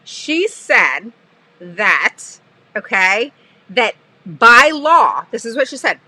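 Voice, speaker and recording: A woman special education advocate chatting on a live stream, telling an animated, sarcastic story with frequent laughter. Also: fairly high pitch, takes it slowly, no room sound, rough recording. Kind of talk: casual live-stream chat.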